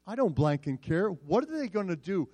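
Man playing brash shouting college guy, rude young student, slightly high voice. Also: very animated, moderate pace, breathy edge, no room sound, heavily acted. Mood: sneering.

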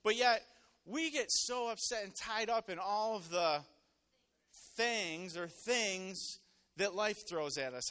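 A man with a high, bright voice delivers a sermon in a relaxed, chatty way. He tells stories from daily life and keeps calling on the congregation to answer back. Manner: conversational, storytelling, calls on congregation. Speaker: preacher. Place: church hall with congregation.

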